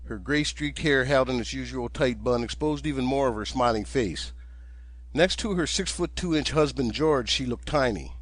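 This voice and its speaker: A man, the author, narrating his own audiobook in a steady, gentle storytelling manner. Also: medium pitch, dry recording.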